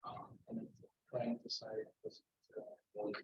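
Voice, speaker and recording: A man who is a township supervisor, chatting casually in a friendly, halting way. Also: medium pitch, huge pitch swings, noisy background. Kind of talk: casual chat. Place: township meeting room. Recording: roomy, distant, dull meeting-room audio.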